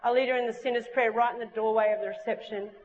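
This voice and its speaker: A woman preacher telling a story in an animated sermon at a church service. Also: fairly high pitch, quick pace, lo-fi sound, a little hiss or hum. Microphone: stage microphone.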